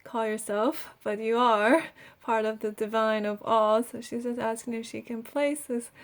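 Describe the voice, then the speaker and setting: A young woman guides a healing meditation in a fairly high, soft voice. She speaks breathily and unhurriedly, trailing off and giggling now and then. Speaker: energy healer.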